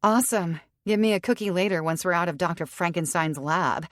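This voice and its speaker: A woman's voice: mid-range voice, expressive, normal speed, no room sound, studio quality, pitched above the performer's own voice, lightly acted. A woman voicing a petite, feisty young female werewolf with a sarcastic edge in an audiobook reading.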